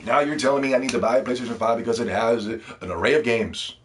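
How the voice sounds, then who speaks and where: A man's voice: mid-range voice, fast, a little hiss or hum. A man ranting to the camera about games, heated and profane, repeating words when worked up. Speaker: gaming video host. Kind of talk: ranting video commentary.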